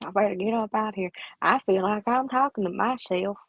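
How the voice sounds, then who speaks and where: Female streamer, casual and playful, mid-pitched, muffled dry mic. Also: normal speed, no room sound. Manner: chatty, playful, reads and answers chat. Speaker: livestream host. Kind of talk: casual live chat.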